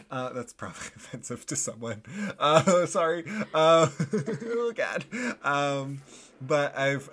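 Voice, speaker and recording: A young man co-hosting a podcast in a loose, rambling way, full of fillers and self-deprecating laughs. He speaks at an ordinary pitch. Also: fairly bright tone. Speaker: podcast co-host. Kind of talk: casual chat.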